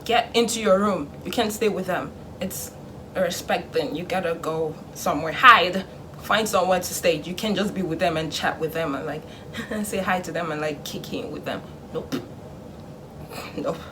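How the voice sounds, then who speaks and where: A young woman vlogging in casual chat, animated, acting out her parents in a hushed voice. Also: on the low side, moderate pace, slight background noise.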